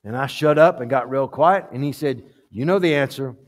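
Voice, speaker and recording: A male pastor preaching a sermon in a church sanctuary, emphatic and repetitive, swinging from quiet, low asides to loud climaxes. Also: brisk.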